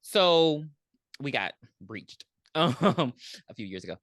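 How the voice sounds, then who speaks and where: A woman's voice: very deep voice, big pitch swings, takes it slowly, no echo, clean studio sound. A woman co-hosting a podcast, retelling a movie's plot in casual chat, acting out the characters' lines and swearing freely. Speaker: podcast co-host.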